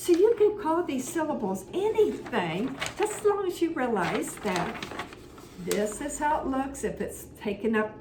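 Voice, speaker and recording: A woman's voice: high-pitched, sing-song, a little slow. A woman teaching a children's music lesson, chanting rhythm syllables and coaxing her young audience to clap and repeat after her. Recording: echoey room with background noise.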